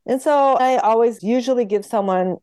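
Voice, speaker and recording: A woman homeopath, appearing as a guest in an interview, tells patient stories with lively, animated energy, acting out the voices of those she quotes and laughing quickly. Her voice is fairly high, with no room sound.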